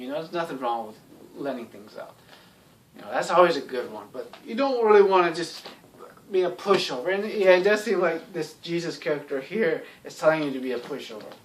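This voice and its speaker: A man talks in a loose, rambling monologue, blunt and sarcastic, leaning on fillers as he goes. His voice sits on the higher side for a man. He sounds set back a little from the microphone. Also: recorded from a distance. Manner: rambling, heavy on "you know" fillers. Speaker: YouTube commentator.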